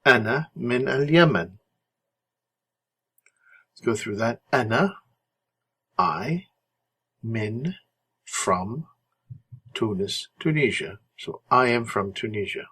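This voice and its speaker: A man teaching an Arabic textbook chapter, explaining patiently and slowing down to model each phrase. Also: fairly low pitch, lively intonation, pushed and bright, slightly rough. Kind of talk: recorded textbook lesson walkthrough.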